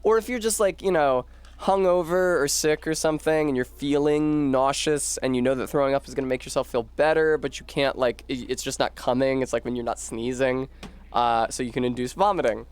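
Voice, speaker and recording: A man's voice: medium pitch, steady tone, fairly quick, smooth. A man casually rambling and joking while streaming a video game, swearing now and then. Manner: rambling, wry, profane. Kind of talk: casual gaming commentary.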